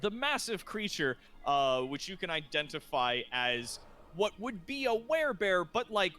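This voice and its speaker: Slow, rambling game master narrating. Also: male voice, high-pitched, big pitch swings, sharp tone, faint music behind. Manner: rambling, filler-heavy narration with laughter.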